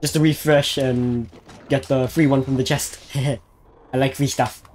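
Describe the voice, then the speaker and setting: A male game streamer chatting casually to himself as he plays, easily excited and talking to the monster on screen. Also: mid-range voice, measured pace, slight background noise. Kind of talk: casual live gameplay commentary.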